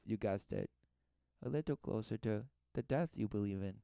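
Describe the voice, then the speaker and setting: A man's voice: on the low side, normal speed, gravelly, mellow, clear, resonant tone, no room sound. A man giving preachy religious commentary as he reacts to a video, in an emphatic, exhorting manner.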